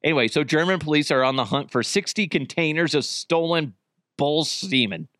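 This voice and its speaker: A man's voice: fairly high pitch, expressive, normal speed, fairly bright tone, no room sound, clean studio sound. A man hosting his own podcast in casual solo chat, crude and joking, often poking fun at himself. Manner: crude, joking, self-mocking. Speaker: podcast host.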